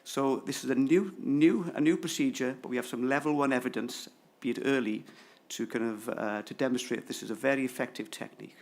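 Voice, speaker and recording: A man speaks at a conference debate with a gravelly, creaky voice. He is hesitant and understated as he presents his evidence. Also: mid-range voice, steady tone, fast. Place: conference hall.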